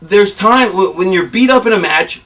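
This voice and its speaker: A man's voice: high voice, moderate pace, recorded from a distance. A man, a pro wrestler, telling candid stories in an interview, rambling and swearing freely. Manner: rambling, profane, animated storytelling.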